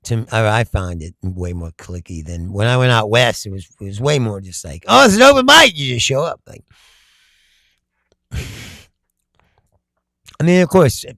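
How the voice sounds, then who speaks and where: A man from Kentucky, chatting casually with his viewers, telling loud stories and laughing often. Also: fairly low pitch, animated, a little slow, pauses often, no room sound. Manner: laughing often, loud storytelling with sudden shouts. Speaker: comedian streamer. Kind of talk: casual chat with live chat.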